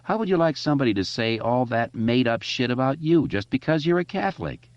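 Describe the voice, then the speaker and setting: A man voicing a frail, eager young boy who talks high and a little out of breath in an audiobook. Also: lively intonation, brisk, no room sound, dull audio, lightly acted. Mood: indignant.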